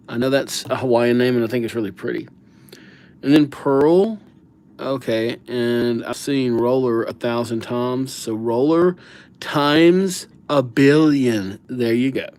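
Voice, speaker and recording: A man's voice: mid-range voice, a little mellow. A man hosting a casual livestream, chatting loosely with viewers and riffing on their names with silly nicknames. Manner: laid-back, slangy banter with viewers.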